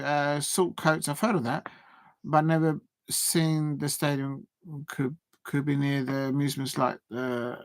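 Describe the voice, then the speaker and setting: A man hosting a live football watch-along, chatting with viewers and getting excitable, even shouting, at big moments in the match. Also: fairly high pitch, dry recording. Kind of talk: live match reaction and chat.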